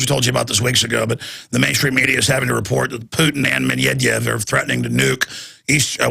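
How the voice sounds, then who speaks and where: Gravelly, forceful talk radio host. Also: male voice, medium pitch. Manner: heated, ranting, mocking asides. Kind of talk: ranting monologue.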